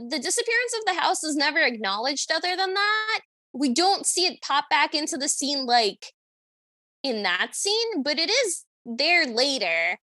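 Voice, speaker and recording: A woman co-hosting a chatty podcast, with a high, bright voice. She is wry and playful and quotes the characters as she goes. The recording is dry and close, with no room sound. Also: no room sound. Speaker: podcast co-host. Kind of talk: casual chat recapping a cartoon.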